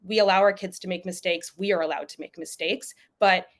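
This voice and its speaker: A woman's voice: lowish voice, steady tone, brisk. A young adult woman speaks over a video call, giving parents advice in an easygoing, conversational way. Her speech is loose and full of "like" fillers, and now and then she slips into the voice of a parent talking to a child. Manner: chatty, frequent "like" fillers, acts out parent voices. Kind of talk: casual advice talk at a virtual event.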